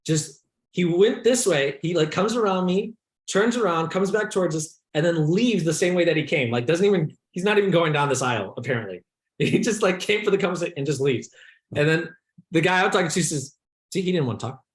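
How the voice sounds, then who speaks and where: A man hosting a podcast, telling an anecdote in casual chat, excitable and laughing often as he acts out the people in it. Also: fairly high pitch, fairly quick, roomy sound. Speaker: podcast host. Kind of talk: animated storytelling in casual chat.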